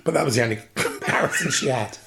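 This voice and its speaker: A man talks as a podcast guest. His delivery is camp and animated, and he often jumps up high when he mimics his mother. His voice sits at a middle pitch for a man. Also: quick pace, vocal fry. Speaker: guest, drag performer. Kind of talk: casual interview storytelling.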